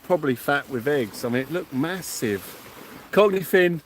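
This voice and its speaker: A man's voice: mid-range voice, expressive, moderate pace, slight background noise. A man hosting a night fishing livestream outdoors by the sea, effusive and thanking viewers by name. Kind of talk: excited livestream chat.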